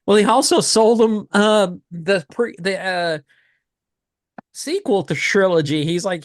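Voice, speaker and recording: A man co-hosting a collecting podcast, chatting casually in a rambling, halting way with many restarts. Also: on the high side, no room sound, clean studio sound. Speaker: podcast co-host. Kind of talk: casual chat.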